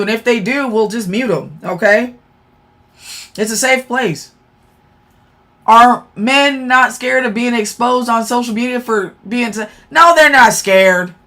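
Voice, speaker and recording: A woman's voice: fairly high pitch, bright, forceful tone. A woman hosting a casual livestream, blunt and profane, talking straight to her chat and calling them y'all, with a sore throat. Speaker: livestream host. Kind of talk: casual live-stream chat.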